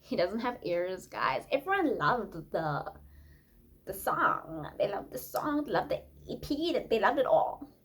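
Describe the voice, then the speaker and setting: A woman's voice: on the high side, very animated, measured pace. A woman voicing a vain, dramatic young female influencer who thinks she can sing, talking in a self-absorbed, giggly way. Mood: indignant. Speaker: improv comedian. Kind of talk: improvised comedy podcast.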